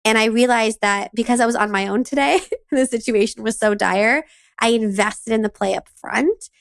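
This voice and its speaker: A woman in her thirties chats on a podcast and tells her story with lively energy, slipping into her child's voice. Her voice has a gravelly, fry-tinged edge and sits a little high. The sound is dry and close. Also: normal speed, dry recording. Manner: animated storytelling, acting out her child's lines. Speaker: podcast co-host. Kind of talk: casual conversational podcast chat.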